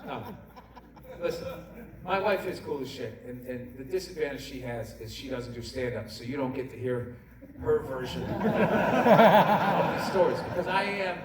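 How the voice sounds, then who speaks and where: A man doing a stand-up comedy routine, ranting and cursing as he acts out arguments with his wife and shouts the punchlines. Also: medium pitch, expressive, moderate pace, noisy background. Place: comedy venue stage. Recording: echoey venue, distant mic, loud crowd. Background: audience laughter.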